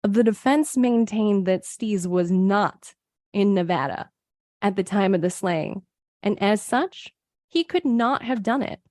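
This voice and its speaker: A woman's voice: medium pitch, lively intonation, measured pace, darkish tone, dry recording, clean studio sound. A woman co-hosting a true crime podcast, narrating case details from a script and quoting her sources. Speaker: podcast co-host.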